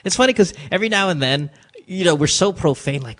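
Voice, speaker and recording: A man's voice: high voice, quick pace, a bit bright. A man co-hosting a late-night advice show, joking crudely and swearing freely. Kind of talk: casual, profane banter.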